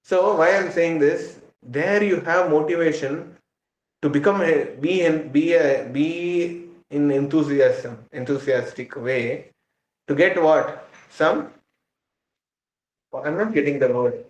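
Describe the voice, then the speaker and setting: A man's voice: a little high, slow pace. A man giving an earnest, conversational spiritual class, often checking that his listeners agree. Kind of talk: informal spiritual lecture. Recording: roomy, dull lo-fi room recording.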